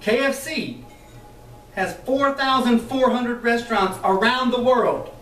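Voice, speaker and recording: A man leading a sales training session for a live group, talking in a lively, chatty way, laughing often and acting out the voices he quotes. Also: extremely high pitch, unhurried, a little hiss or hum. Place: meeting room with an audience. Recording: echoey room, mic far off.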